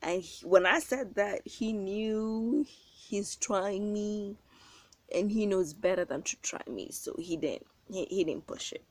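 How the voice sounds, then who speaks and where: A woman telling a story on her vlog, slangy and animated, acting out the quotes with loud bursts. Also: mid-range voice, slow, no echo. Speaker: vlogger.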